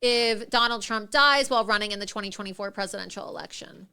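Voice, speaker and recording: A woman's voice: medium pitch, fast talker, sharp tone, smooth. A woman hosting a political talk show, ranting with indignation and laughing mid-sentence. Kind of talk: opinionated political commentary.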